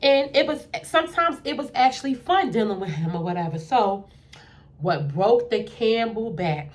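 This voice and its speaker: A young adult woman telling a dating story in a casual, animated way, acting out what people said in a lowered voice. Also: normal speed.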